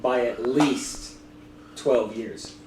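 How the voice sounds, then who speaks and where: A man narrating as dungeon master with a relaxed, hesitant delivery full of ums. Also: medium pitch, very slow. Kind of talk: narrating a tabletop game. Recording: echoey room, distant mic, noisy.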